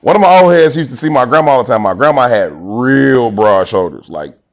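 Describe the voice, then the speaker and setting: A man's voice: medium pitch, a little fast, muffled recording. A tired man co-hosting a podcast, telling a story in casual chat and acting out quotes. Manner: animated, acts out quotes, laughs often. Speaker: podcast co-host.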